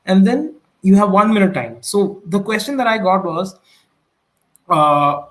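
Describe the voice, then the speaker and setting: A man from India recounting his speaking exam in a casual interview, halting with many fillers and restarts. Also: high voice, animated, a bit bright. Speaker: guest sharing exam experience.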